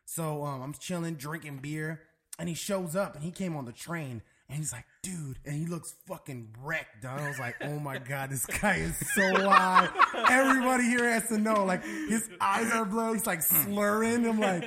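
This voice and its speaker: A man's voice: on the high side, normal speed, noisy background. A young adult man telling a long story in a loose, profane, casual chat, dropping "bro" and "dude" constantly.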